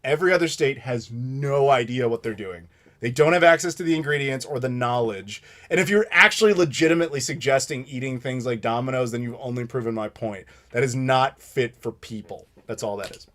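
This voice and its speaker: A man's voice: mid-range voice, fairly quick, fairly bright tone. Male host, 30s, American. Live Q&A stream, opinionated, ranty, casual swearing. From United States. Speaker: channel host answering live questions.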